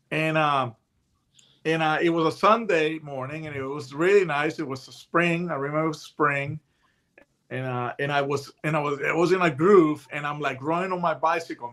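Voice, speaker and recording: A man in his late fifties, a retired hostage negotiator, telling stories in a casual chat, animated and full of restarts and voiced quotes. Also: fairly high pitch. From United States. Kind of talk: casual storytelling.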